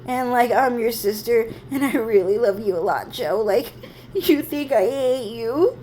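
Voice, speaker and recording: A woman's voice: a little high, a little slow, a little mellow, a little hiss or hum, pitched above the performer's own voice, close to an everyday voice. A woman doing her tearful pleading big sister. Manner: tearful, pleading, insistent denials. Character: tearful adult older sister, pleading and hurt.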